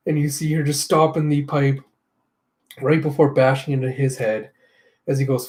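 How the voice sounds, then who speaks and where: A man casually reading a comic aloud, narrating panels with relaxed asides. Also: medium pitch, moderate pace, long pauses. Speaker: comic readthrough host.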